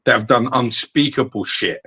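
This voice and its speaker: A man co-hosting a podcast in casual chat, blunt and animated, swearing freely. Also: medium pitch, moderate pace, breathy edge. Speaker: podcast co-host. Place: podcast studio.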